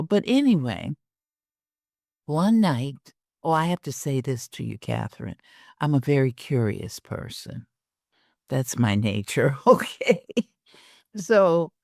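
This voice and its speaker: An older woman telling a personal story as a podcast guest, animated, often laughing and acting out the dialogue. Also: low voice, vocal fry, dry recording, clean studio sound.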